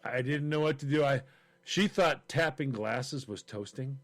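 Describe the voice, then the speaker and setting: A man's voice: medium pitch, measured pace. A man co-hosting a casual chat, telling a story with acted-out voices. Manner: animated storyteller, acts out voices. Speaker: podcast co-host.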